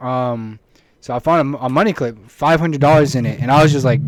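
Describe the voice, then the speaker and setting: A young man co-hosting a podcast, telling stories in animated, blunt casual chat and swearing often. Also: medium pitch, a little fast, no room sound. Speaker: podcast co-host.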